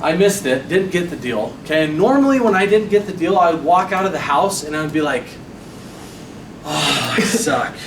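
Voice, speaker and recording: A young man giving a motivational sales training talk, telling a personal story in an animated way and acting out his own quotes. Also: on the high side, normal speed. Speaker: sales trainer presenting to a team. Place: meeting room. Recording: echoey room, mic far off, noisy.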